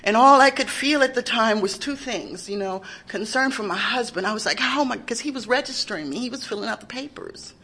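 A woman's voice: on the high side, expressive, brisk, few pauses, sharp tone, husky. A woman telling a raw personal recovery story, candid and emotional, with frequent swearing. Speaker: recovery speaker sharing her story. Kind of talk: personal testimony.

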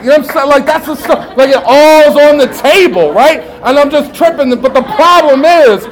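Speaking at normal speed with hardly a pause, a very high-voiced man gives a streetwise, profane share to a recovery meeting room, a noisy crowd behind him. He keeps saying "right?" and acts out his inner voices with animation.

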